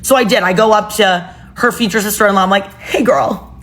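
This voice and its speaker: A woman's voice: mid-range voice, fairly even intonation, quick pace, a bit bright. Chatty young woman telling a story. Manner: chatty, exasperated asides. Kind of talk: casual storytime narration.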